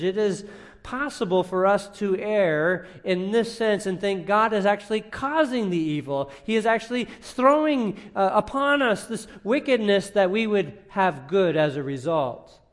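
A man preaching a sermon as pastor, teaching earnestly and leaning on key points with rising emphasis. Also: sits high. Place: church sanctuary. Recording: long reverb of a church hall.

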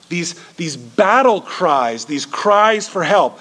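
Brief: male pastor, sermon delivery, earnest, somewhat high voice, restarts phrases. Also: lively intonation, slow pace, few pauses, a bit bright. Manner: earnest, repeats words as he builds. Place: church.

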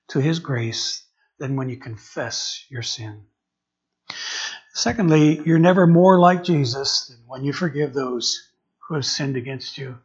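A man's voice: medium pitch, husky. A man preaching as an interim pastor, often restarting and repeating words as he searches for his phrasing. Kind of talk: sermon. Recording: dull lo-fi recording.

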